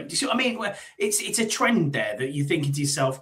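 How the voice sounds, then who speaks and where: A man's voice: on the high side, sing-song, quick pace, few pauses, fairly bright tone. A middle-aged man hosting a live sports talk show, chatting casually and rambling with frequent fillers. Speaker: podcast host.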